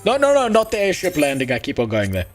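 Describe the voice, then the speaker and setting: A man's voice: a little high, huge pitch swings, quick pace, soft background music. A man streaming a game, chatting casually, rambling and crude with a joking tone. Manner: rambling, crude, jokey, with frequent restarts. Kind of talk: casual gaming stream chat.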